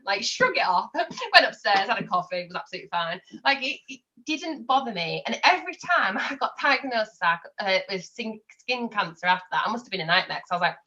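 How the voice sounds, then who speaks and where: Bright-voiced young woman. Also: mid-range voice, very animated, fairly quick, dull audio. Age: 20s. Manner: open and chatty, telling personal stories. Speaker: podcast guest. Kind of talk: casual chat.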